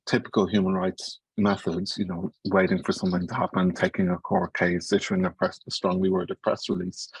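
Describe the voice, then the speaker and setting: An Irish man speaking in an earnest, explanatory way at a panel talk, moving along quickly. His voice sits very low with a gravelly, husky edge. The sound is dry and close. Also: darkish tone, no echo, poor audio. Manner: fast-paced, earnest, explanatory. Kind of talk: academic talk.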